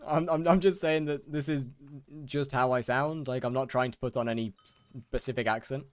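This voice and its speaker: A man's voice: medium pitch, steady tone, moderate pace, smooth, dry recording. A young British man casually chatting with his viewers while gaming, often stammering and repeating words. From United Kingdom. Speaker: streamer. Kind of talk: casual live-stream chat while gaming.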